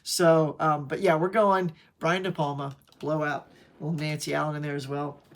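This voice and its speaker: A man's voice: fairly high pitch, flat delivery, moderate pace. A man chatting casually to camera in an enthusiastic, rambling way, often restarting his sentences. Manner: enthusiastic, rambling, self-interrupting. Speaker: movie collector vlogger.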